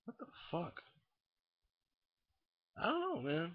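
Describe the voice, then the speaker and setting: A young man ranting casually into a webcam indoors, profane and rambling, swinging from muttering to shouting. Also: high-pitched, wildly swooping pitch, slow, long pauses, no room sound. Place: indoors at home. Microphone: webcam mic. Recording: dull lo-fi webcam audio.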